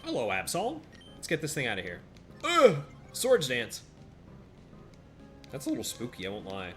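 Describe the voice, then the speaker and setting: A man giving casual live-stream commentary while playing a monster-battle game, chatting with viewers by name and reacting out loud to each turn. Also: mid-range voice, wildly swooping pitch, moderate pace. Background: faint game music.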